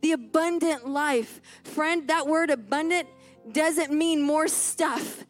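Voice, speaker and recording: Woman preacher in her 30s, high voice, tells stories then gets fervent, repeats stuff, soft music under. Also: slow pace. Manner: emphatic, repeats key phrases, builds to fervent appeals. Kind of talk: storytelling sermon.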